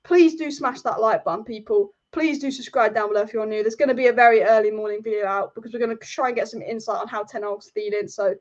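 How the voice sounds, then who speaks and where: A woman's voice: fairly high pitch, steady tone, fast talker, hardly any pauses, lo-fi sound. A woman hosting a football live stream, furious and exasperated, repeating herself as she rants. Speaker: football channel host.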